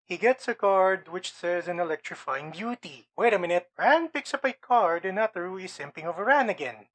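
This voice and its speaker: An anime reviewer giving a casual episode recap, breezy and full of slangy quips and asides. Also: medium pitch.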